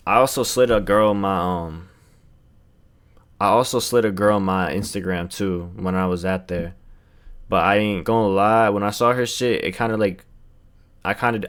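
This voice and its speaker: A man's voice: on the low side, a bit bright. A young man streaming, telling rambling, slangy, profane stories in casual chat.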